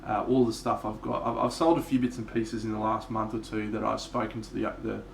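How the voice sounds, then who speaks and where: A man's voice: lowish voice, flat delivery, fairly quick, gravelly, a little hiss or hum. Aussie bloke streaming his painting, swears a lot, echoey room. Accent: Australian. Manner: swears freely, laid-back and chatty. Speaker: miniature painter streaming live. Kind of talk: casual live-stream chat.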